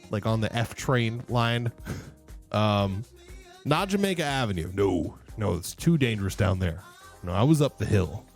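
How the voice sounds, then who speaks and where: A man's voice: mid-range voice, a little mellow. A young man livestreaming, chatting casually with viewers, laughing often, rambling and swearing freely. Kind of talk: casual stream chat.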